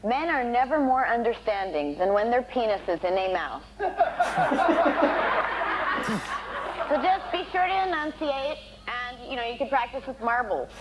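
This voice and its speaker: A woman comedian on a panel show, giving joke advice in a dry, deadpan, sarcastic way. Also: on the high side, unhurried, long pauses. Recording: muffled TV audio with faint noise.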